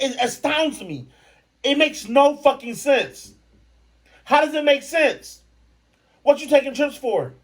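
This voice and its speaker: A brash man hosts a podcast in a comedic rant, swearing freely and mocking his targets. His pitch swings widely as he goes, rising and dropping with every jab. He is from Michigan. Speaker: podcast host.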